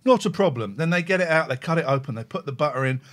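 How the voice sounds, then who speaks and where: A man's voice: a little high, very fast, a bit bright. A man hosting a comedy talk show, chatting and ranting in mock indignation. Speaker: host. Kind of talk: comic chat, mock rant.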